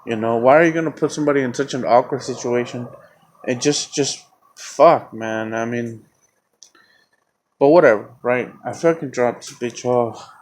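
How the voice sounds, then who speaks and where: A man's voice: mid-range voice, moderate pace, darkish tone. A man hosting his own podcast, telling a story in a casual, rambling, heavily profane way. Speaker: podcast host.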